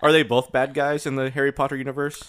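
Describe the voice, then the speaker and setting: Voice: mid-range voice, flat delivery, fast, fairly bright tone. A podcast co-host chatting casually, joking and laughing often. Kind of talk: casual chat.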